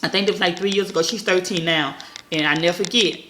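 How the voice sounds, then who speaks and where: Woman, 30s, mom vlogger, blunt, swears a lot, bright voice, faint background noise. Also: fairly low pitch. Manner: fast-talking, blunt, swears freely. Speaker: vlogger, mother. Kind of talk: casual storytelling to viewers. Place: at home. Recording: echoey room, faint noise.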